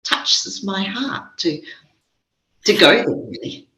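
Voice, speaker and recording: An older woman from New Zealand, a guest spiritual teacher telling stories in a gentle, reflective way over a video call. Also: mid-range voice, very animated, slow pace, reverberant, poor audio. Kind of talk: casual conversation.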